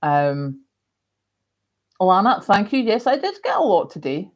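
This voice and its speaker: A woman's voice: mid-range voice, huge pitch swings, measured pace. A woman hosting a casual live stream, chatting rambly and reading out viewer comments with lots of ums. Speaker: livestream host.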